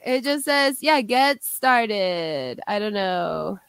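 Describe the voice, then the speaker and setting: A woman's voice: medium pitch, lively intonation, slow pace, smooth, no room sound, clean studio sound. A young woman co-hosting a podcast, chatting casually, laughing often and swearing while she tells stories. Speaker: podcast co-host. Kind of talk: casual chat.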